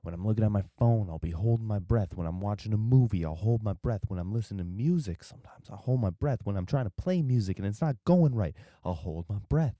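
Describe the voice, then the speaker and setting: Drowsy deep-voiced man rambling. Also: animated, quick pace, hardly any pauses, dark tone, no echo. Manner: drowsy, meandering, loses his train of thought. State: tired. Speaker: podcast host. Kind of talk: rambling solo podcast chat.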